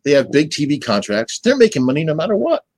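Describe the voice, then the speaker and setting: Older man, higher voice, stammering wisecracking storyteller, dry close sound. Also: huge pitch swings, fast, darkish tone, no room sound, poor audio. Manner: self-deprecating storyteller, stammers repeated words, does voices in anecdotes. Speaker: guest, retired sportscaster. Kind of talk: casual chat.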